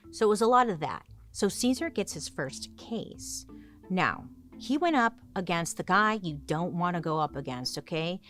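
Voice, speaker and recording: A young woman hosting comedic history storytelling, chatty and sarcastic, with dramatic swings. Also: lowish voice. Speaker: host.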